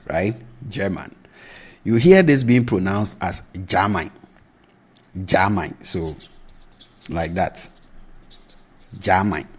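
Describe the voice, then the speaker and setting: A man with a very deep, husky voice teaches a language lesson. He speaks slowly and patiently. He repeats each word to show how it is pronounced and keeps asking "right?" to check the listener is following. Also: darkish tone. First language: Twi. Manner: patient, repeats words slowly for pronunciation, often asks "right?".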